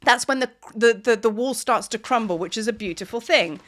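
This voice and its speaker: Chatty woman, fairly high voice. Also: fairly quick. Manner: chatty, animated, often asks "do you know what I mean"; laughs through the talk. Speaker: spiritual teacher. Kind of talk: casual spiritual energy talk.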